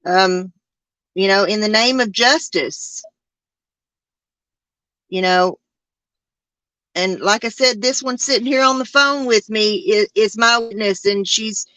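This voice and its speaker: A woman's voice: on the high side, sharp tone, dry recording. A woman, hosting a podcast in a casual chat that rambles and halts with many fillers and restarts. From Arkansas. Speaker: podcast host.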